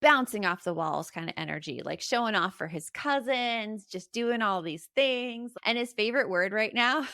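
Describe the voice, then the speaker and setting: A middle-aged woman, a podcast guest and parenting author, chatting casually and telling animated stories, laughing often and acting out quotes. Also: fairly high pitch, moderate pace, few pauses, no room sound, studio quality.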